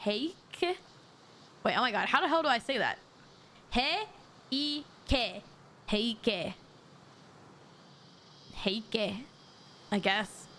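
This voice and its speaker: A woman streaming a mystery game, reading the dialogue aloud and breaking off into excitable, jokey asides to her chat. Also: medium pitch, slow pace, long pauses, a little hiss or hum. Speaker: VTuber streamer.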